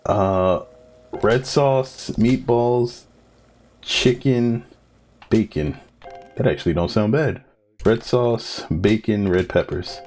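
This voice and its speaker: A man's voice: on the low side, takes it slowly, pauses often, soft background music. A man streaming a cooking game live, listing ingredients as he goes and chatting with his co-host. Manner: calls out ingredients in a steady list, joking with co-host. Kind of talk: live gameplay commentary.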